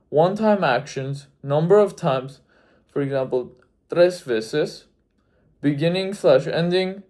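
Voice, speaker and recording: A man's voice: a little high, warm tone. A young man giving a last-minute grammar review, methodically listing verb endings and spelling them out letter by letter. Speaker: Spanish tutor. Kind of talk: exam review lesson.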